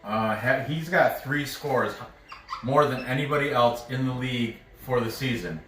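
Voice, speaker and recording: This sports betting analyst has a medium-pitched, sharp-toned voice and a moderate pace as he loosely works through soccer picks, musing out loud and fumbling player names. There's slight background noise, and the far-off mic makes the room audible.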